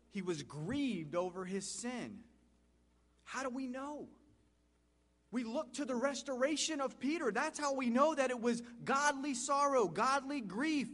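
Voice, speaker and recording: Pastor guy preaching, kinda high voice, gets loud then drops real quiet. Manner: preaching with big swings from loud and high to soft and low; asks the congregation questions and repeats phrases. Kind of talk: sermon.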